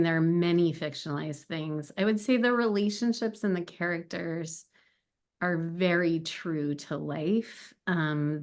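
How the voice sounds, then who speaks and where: A woman in her fifties, an author talking as a guest in a casual, chatty way, laughing often and using many fillers. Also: lowish voice. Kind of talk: casual chat.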